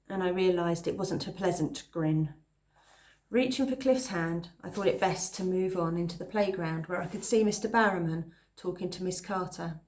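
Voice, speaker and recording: A woman reading a children's novel aloud at a calm pace, pausing now and then to explain a phrase. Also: on the low side. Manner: calm, pauses to explain words. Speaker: reader.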